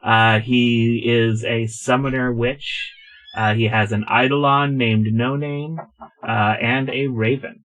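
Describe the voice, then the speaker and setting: A man's voice: mid-range voice, steady tone, takes it slowly, fairly bright tone, low-quality recording. A man playing in a tabletop game, joking around and swearing playfully. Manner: playful, profane. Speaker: player. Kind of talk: casual tabletop podcast chat.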